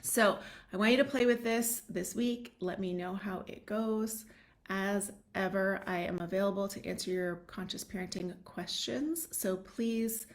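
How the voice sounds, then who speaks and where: A woman's voice: medium pitch, fairly even intonation, measured pace. Woman parenting coach, chatty vlog advice. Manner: conversational, checks in with the listener with "right?"; casual filler "like", talking straight to parents. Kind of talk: direct-to-camera advice vlog.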